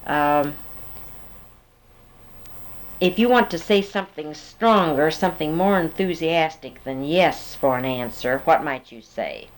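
A woman's voice: deep voice, measured pace, low-quality recording. A woman interviewer patiently prompting a speaker with fill-in-the-blank questions. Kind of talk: dialect survey interview.

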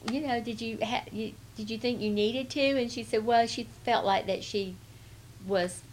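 A woman's voice: a little high, normal speed, slight background noise. A woman from Atlanta with a Southern accent, answering interview questions in a rambling, hesitant way. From Atlanta, Georgia. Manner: rambling, hesitant, many restarts. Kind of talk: casual oral-history interview.

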